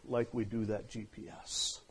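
A pastor telling a story in a sermon, swinging from loud outbursts to hushed asides. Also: male voice, on the low side, level tone, measured pace, slight background noise.

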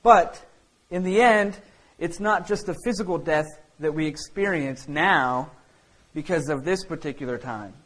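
A man's voice: fairly high pitch, measured pace, rough recording. Rambling, conversational male pastor. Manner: conversational, many fillers and restarts. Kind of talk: sermon.

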